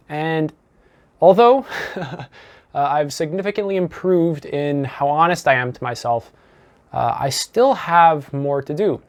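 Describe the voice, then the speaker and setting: A man teaching as a self-improvement coach in a calm, deliberate monologue. He talks earnestly, with casual "you know" fillers, and repeats his key phrases. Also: fairly high pitch.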